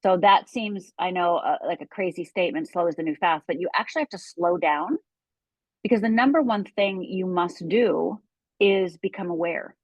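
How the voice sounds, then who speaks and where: A woman's voice: on the low side, moderate pace, dry recording. A middle-aged woman coach talking candidly in an interview, retelling her own past with vivid, acted-out quotes. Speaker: guest, life coach.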